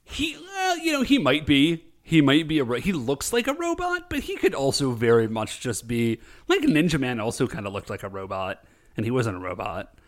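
A man co-hosting a casual chat, retelling a show with lively voiced quotes. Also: medium pitch. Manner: animated storytelling with quick voiced quotes. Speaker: podcast co-host recapping a show.

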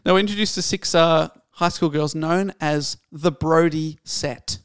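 A man hosting a podcast, chatting playfully and reading book passages aloud slowly. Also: a little high, fairly even intonation, clear, resonant tone. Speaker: podcast host. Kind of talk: casual chat, reading book excerpts.

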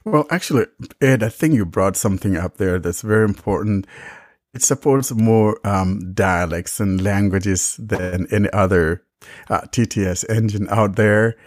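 Casting: male host, low voice, relaxed chatty tone, dry close sound. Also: moderate pace, dry recording. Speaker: podcast host demonstrating software. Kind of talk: casual tech chat.

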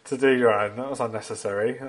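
A man's voice: medium pitch, fairly even intonation, brisk. A man hosting a casual football podcast, bantering, teasing and laughing often. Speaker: podcast host.

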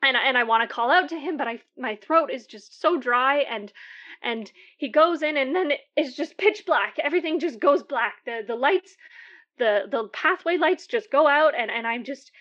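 A nervous woman caller, played by an actress, recounts her night in a high, halting voice that stumbles and repeats itself. The audio is dull and lo-fi, like a call-in to a radio drama. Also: animated, a bit bright. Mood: shaken. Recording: dull lo-fi sound.

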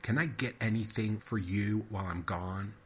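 A man voicing a weary, skeptical man who grumbles dryly, close to his own low husky voice. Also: normal speed. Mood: doubtful. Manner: dry, doubtful, grumbling.

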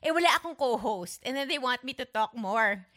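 Animated, laughing woman. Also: fairly high pitch, brisk. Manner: animated, laughing, switching between languages mid-sentence. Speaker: podcast co-host. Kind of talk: casual chat.

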